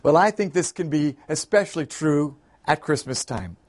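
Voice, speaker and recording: A man delivering a sermon as host and pastor. He tells his story in an animated, folksy way in a fairly high voice. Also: moderate pace.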